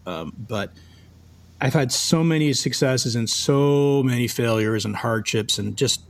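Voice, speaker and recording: A man's voice: medium pitch, measured pace. A middle-aged man from Canada, a film composer, telling stories from his career in a casual interview and acting out the lines of the people in them. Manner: animated, acts out quoted dialogue.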